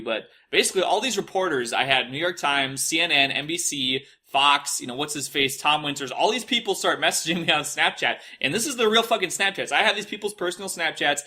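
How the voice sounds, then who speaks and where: A man's voice: fairly high pitch, fairly quick, hardly any pauses. Profane young man spinning a wild story. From Minnesota, US. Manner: profane, animated retelling with mocking quoted voices. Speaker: podcast host telling a story. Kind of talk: casual storytelling.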